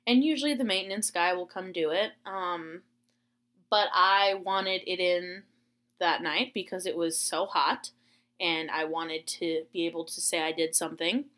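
A young woman from Florida, a teacher, rambles through a personal story in a relaxed vlog. Her voice is bright and clear. She is chatty, pokes fun at herself, and fills the pauses with "uh" and "um". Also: fairly low pitch. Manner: chatty and self-deprecating, with many fillers.

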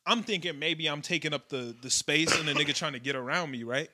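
A young man in casual chat, telling an animated, profane story as a podcast co-host. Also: fairly high pitch, a little fast, few pauses.

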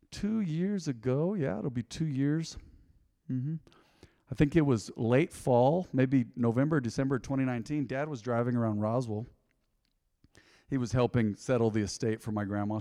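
A middle-aged man preaching a sermon in a church, boldly and with passion. He moves from quiet asides to loud, emphatic calls to the congregation. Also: mid-range voice. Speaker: pastor. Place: church sanctuary. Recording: long hall reverb.

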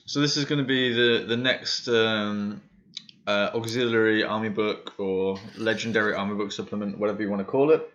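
A man's voice: on the low side, steady tone, moderate pace, fairly bright tone. A man hosts a casual hobby podcast in an easygoing voice. He swears freely and laughs easily. The sound is a little dull and lo-fi. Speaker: podcast host. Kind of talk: casual chat.

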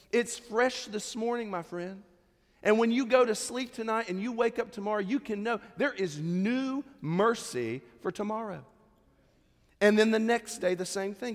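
A man, preaching a sermon in a conversational, humorous way with little acted-out asides. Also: high-pitched. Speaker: pastor. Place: church sanctuary. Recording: echoey church hall.

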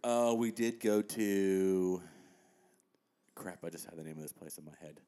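Male guest, low voice, animated storyteller in casual chat. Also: unhurried. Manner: animated storytelling with laughs and quoted asides.

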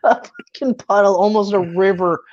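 A woman co-hosting a casual chat, animated and laughing, who swears freely. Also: medium pitch, normal speed, muffled recording. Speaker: co-host.

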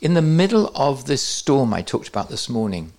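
A man's voice: mid-range voice, big pitch swings, moderate pace, darkish tone. A man teaching at a church conference, with joking, self-deprecating asides to the audience. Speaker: preacher.

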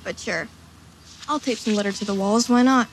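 A man's voice: sits high, normal speed, slight background noise, pitched above the performer's own voice, natural voice, low-quality recording. A man voicing a cynical teenage girl, quoting her with a dry, sarcastic delivery.

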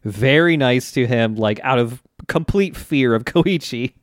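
A man's voice: mid-range voice, expressive, measured pace, no echo, clean studio sound. A man co-hosting a podcast, chatting casually as he retells anime scenes and laughing often. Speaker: podcast co-host. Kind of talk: casual chat recapping an anime.

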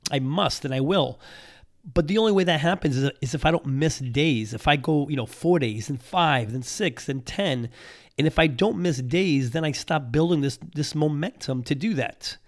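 A man hosting a motivational show in an upbeat, energetic way, his voice a bit off from being sick and on the mend, repeating his key points. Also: fairly high pitch, normal speed. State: sick voice, recovering. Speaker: podcast host. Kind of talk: motivational talk.

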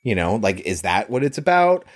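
A man co-hosting a casual film discussion, talking in a relaxed, loose way with plenty of fillers. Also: lowish voice, normal speed. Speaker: podcast co-host.

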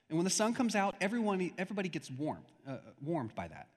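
A man's voice: sits high, very animated, brisk, hardly any pauses. A young adult man preaching a sermon as a pastor, in a conversational style with stories and acted-out quotes. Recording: long hall reverb.

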